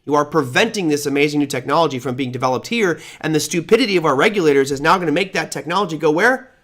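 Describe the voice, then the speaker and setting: Man, fairly high voice, sarcastic, emphatic, finance commentary, live show host. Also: animated, fast, fairly bright tone. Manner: sarcastic, emphatic, reads along from notes. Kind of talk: opinionated market commentary.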